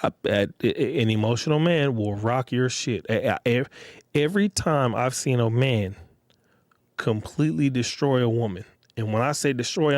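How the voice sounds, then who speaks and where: A man's voice: medium pitch, dry recording, studio quality. A man hosting his own podcast, talking casually and bluntly in slang. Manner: blunt and profane, street slang; animated when acting out others. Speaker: podcast host. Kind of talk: casual solo podcast monologue.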